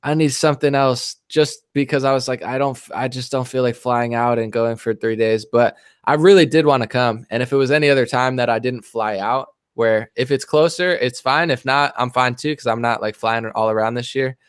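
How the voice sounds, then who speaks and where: A man's voice: mid-range voice, fairly quick, few pauses, clean tone, no echo, clean studio sound. Rambling, jokey man hosting a podcast. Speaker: podcast host. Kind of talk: casual chat.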